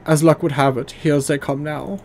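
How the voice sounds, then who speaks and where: A man's voice: fairly high pitch, fairly even intonation, moderate pace, slight background noise, pitched above the performer's own voice, natural voice. A man voicing a sneering, arrogant male extremist leader with a put-on German accent and a foppish, mocking manner. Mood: commanding.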